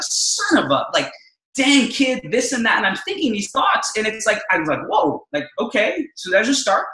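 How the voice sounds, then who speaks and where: A middle-aged man giving an energetic, emphatic motivational talk, telling personal stories to make his points. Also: high voice, echoey room, low-quality recording. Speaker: motivational speaker.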